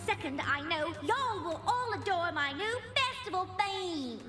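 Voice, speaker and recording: A woman's voice: extremely high pitch, expressive, measured pace, music in the background. A woman voicing a country farm pony mare in a cartoon, with a folksy drawl. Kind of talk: cartoon voice acting.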